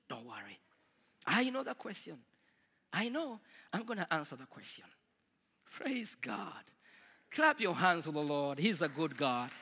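A man preaching a sermon to a congregation, swinging from loud declarations to quiet asides. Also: on the high side, in a large hall. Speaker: pastor.

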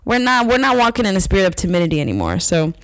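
A woman hosting a podcast, giving an emphatic, casual faith-based pep talk into a microphone and swinging into high, excited bursts. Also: very fast, no echo, low-quality recording. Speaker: podcast host.

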